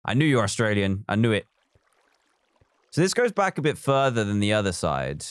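A man's voice: lowish voice, huge pitch swings, a little fast, smooth, dry recording. A man live streaming a building game, chatting casually, reading viewer comments aloud and counting blocks as he works.

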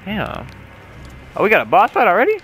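Excitable cursing young man gaming. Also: high voice, fairly quick, a little hiss or hum. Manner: excitable, profane outbursts and yelling at the game. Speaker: gaming YouTuber. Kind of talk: casual gameplay commentary. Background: game music.

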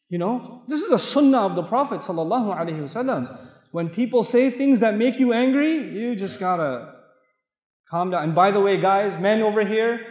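A high-pitched man from Pakistan preaches to a crowd in a large mosque hall. He tells lively stories and plays out the dialogue himself. His voice rings through a roomy space with a long trailing reverb. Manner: animated storyteller who acts out dialogue and jokes with the crowd. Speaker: Islamic lecturer. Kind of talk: mosque lecture with personal stories.

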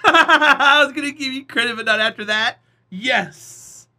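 A man with a high, very bright, sharp voice chats casually with his stream viewers. He jokes and teases, and laughter keeps breaking into his talk. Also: measured pace. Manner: joking, teasing, laughs often. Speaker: live streamer.

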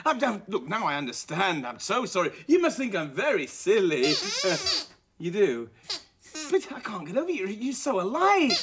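A woman presenting a children's TV show, talking with puppets in an excitable, exclaiming way with playful scolding. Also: mid-range voice, moderate pace, noisy background.

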